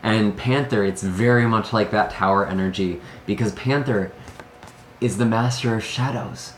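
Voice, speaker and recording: A man's voice: lowish voice, moderate pace, slight background noise. A man giving an earnest, emotional tarot reading to camera, often sighing between thoughts. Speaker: tarot reader. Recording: echoey room.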